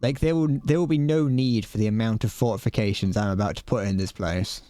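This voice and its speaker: A man's voice: fairly low pitch, a little fast, mellow, dry recording. A man streaming a video game live, rambling and restarting his sentences, swearing at the game and a little out of breath. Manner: rambling, stumbles over words, swears. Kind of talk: casual live game commentary.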